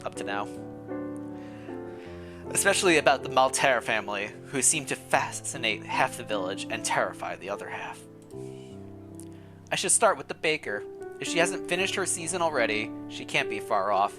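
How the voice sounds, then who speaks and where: A man's voice: medium pitch, expressive, moderate pace, long pauses, over music. Playful man streamer reading a game. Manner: playful, laughs often, comments between read lines. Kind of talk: reading a story game aloud with commentary.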